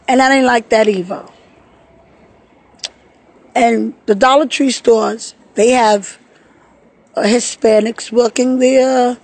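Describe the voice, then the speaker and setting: Tearful woman talking into her phone in a park, husky and kinda high, stumbles and repeats herself. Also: mellow, dry recording, poor audio. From New York. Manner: upset, halting, repeats words. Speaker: vlogger. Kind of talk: emotional personal vlog. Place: outdoors in a park.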